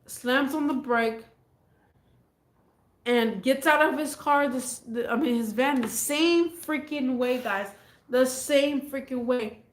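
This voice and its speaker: A woman's voice: high voice, takes it slowly, slight background noise. A woman telling a casual storytime vlog, rambling and repeating herself as she goes, in an echoey room. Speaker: vlogger.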